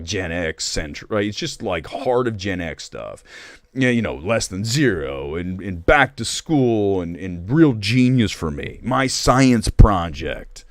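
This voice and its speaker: A man's voice: on the low side, no room sound, studio quality. A man hosting a live stream of movie talk, joking and rambling as he reads viewer comments. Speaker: host.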